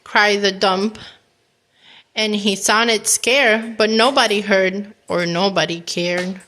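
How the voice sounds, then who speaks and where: A woman reading a children's picture book aloud as a storyteller, gentle and animated, acting out the animal sounds. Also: medium pitch, slow.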